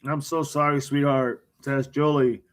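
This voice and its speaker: A man's voice: mid-range voice, level tone. A man hosting a casual livestream, reading out viewer comments by name and answering them with jokes. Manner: reads viewer comments aloud by name, joking and quick responses. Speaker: livestream host reading chat. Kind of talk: casual live chat.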